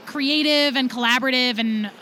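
A woman's voice: sits high, moderate pace, bright, forceful tone. A woman guest on a podcast telling her story with enthusiasm. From USA. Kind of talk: podcast interview.

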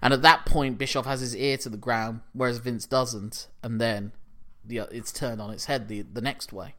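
A man's voice: medium pitch, steady tone, moderate pace, bright, forceful tone. A man in casual chat, animatedly acting out scenes and swearing freely.

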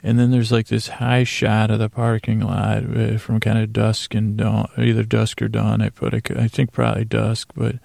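A man's voice: on the low side, completely flat delivery, normal speed, vocal fry, hardly any pauses, darkish tone, no echo. A man hosting a podcast, loosely recapping a TV episode from his handwritten notes, often correcting himself. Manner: loose, meandering, self-correcting. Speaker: podcast host.

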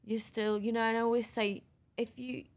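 In a podcast interview, a middle-aged woman guest tells her own story frankly and with energy, frequently restarting sentences. She talks fairly fast with a fairly high pitch.

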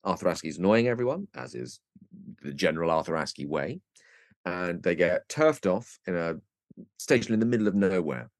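A man with a very low, deep voice chats as a podcast guest, telling a story with gusto and dropping into comic voices. The sound is close and dry, with no room around it. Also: expressive, moderate pace, dry recording. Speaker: guest actor. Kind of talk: casual podcast chat.

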